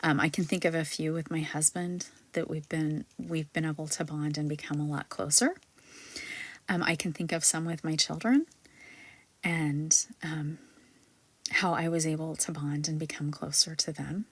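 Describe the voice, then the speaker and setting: A woman past middle age who has a granddaughter, hosting a spiritual panel in casual, rambling talk full of ums and likes, sometimes dropping to a soft near-whisper. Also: sits low, steady tone, normal speed, breathy edge, dry recording. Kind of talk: casual live-stream talk.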